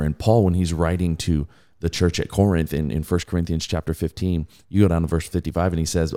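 A man's voice: sits low, fairly even intonation, brisk, mellow. A man co-hosting a casual faith discussion podcast, talking earnestly and often repeating words as he searches for his thoughts. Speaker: podcast co-host.

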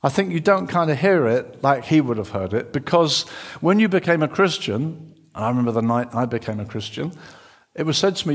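A middle-aged man preaching a sermon, dramatic, swinging between loud, urgent passages and hushed ones as he acts out a story. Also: mid-range voice, expressive, fairly quick.

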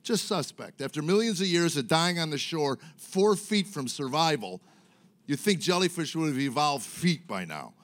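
A man's voice: a little high, expressive, moderate pace, a bit bright. Middle-aged man, stand-up comic, rambling self-mocking stories, lots of ums and uhs, stage mic. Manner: rambling, self-mocking storytelling with many fillers. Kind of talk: stand-up comedy set. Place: comedy stage before a live audience.

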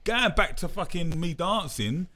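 A young man, casually telling a sweary, animated story on a podcast. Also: high-pitched, measured pace.

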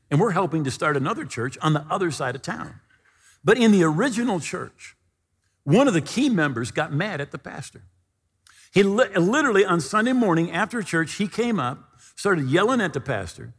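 Animated preacher in an echoing hall. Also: male voice, on the high side, slightly rough. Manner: animated, acts out quoted voices in his stories. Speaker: pastor. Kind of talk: sermon with storytelling. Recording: long reverb of a large hall.

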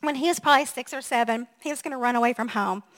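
A middle-aged woman pastor giving a sermon, telling funny family stories in an animated way and laughing at herself. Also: on the high side, fast.

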